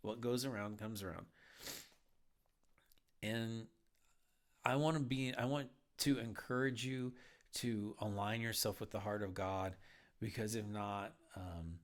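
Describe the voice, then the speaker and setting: A man's voice: on the low side, fairly even intonation, unhurried, pauses often. A man hosting a Bible podcast, talking in an earnest, heartfelt, urging way. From United States. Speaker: podcast host. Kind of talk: earnest Bible teaching talk.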